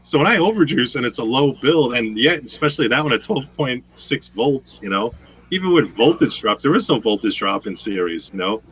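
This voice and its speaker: Bright-voiced man telling rambling profane stories. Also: mid-range voice, animated, brisk, slightly rough, poor audio. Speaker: host. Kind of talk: casual chat.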